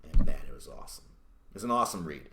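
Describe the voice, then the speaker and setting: A man's voice: low-pitched, big pitch swings, fast talker, gravelly, background noise. A man casually reviewing a comic book at home, loose and rambling with plenty of swearing and restarts. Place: indoors at home. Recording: roomy echo.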